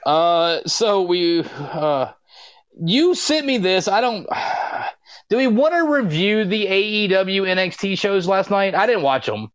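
A high-voiced man co-hosting a podcast, trading wisecracks in a mock-exasperated tone. His pitch swings widely as he talks. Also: animated, takes it slowly. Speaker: podcast co-host. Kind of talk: casual chat.

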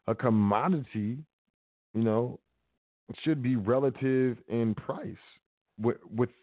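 A man's voice: on the low side, dry recording. A man hosting a casual talk show, reading news aloud and commenting with sarcasm and loose slang. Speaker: podcast host. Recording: tinny phone-like line.

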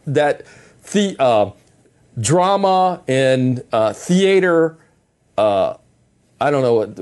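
Preaching calmly and plainly, a middle-aged man gives a conversational sermon marked by repetition and restarted phrases. His voice sits a little high.

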